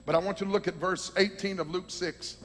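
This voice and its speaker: A man preaching a sermon, teaching from scripture with fervent, shouting emphasis. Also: sits high, steady tone, a little fast. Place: large hall with a congregation. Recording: long hall reverb.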